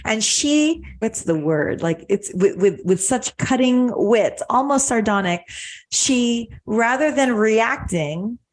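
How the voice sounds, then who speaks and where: A woman hosting a podcast, calmly explaining ideas in a reflective conversation. She often restarts and repeats words as she thinks aloud. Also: a little high, takes it slowly. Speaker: podcast host.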